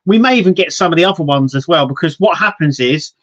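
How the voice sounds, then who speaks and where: Guy rambling about wrestling on a podcast, slightly high voice, dull lo-fi sound. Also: animated, quick pace. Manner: rambling, many restarts and acted-out quotes. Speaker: podcast co-host. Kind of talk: casual wrestling chat.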